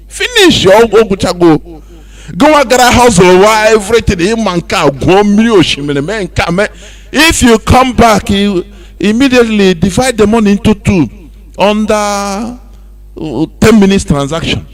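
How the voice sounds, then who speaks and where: A Nigerian man hosting a radio talk show, speaking in a loose, animated monologue that mixes in pidgin. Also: high-pitched, normal speed. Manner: animated, mixing pidgin and laughing asides. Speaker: radio host.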